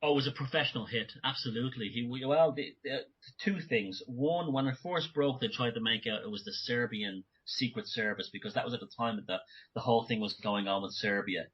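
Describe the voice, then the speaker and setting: Man, interview guest, husky voice, rambling with restarts, dull lo-fi sound. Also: mid-range voice, a little fast. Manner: rambling, frequent restarts and self-corrections. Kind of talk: remote conversational interview.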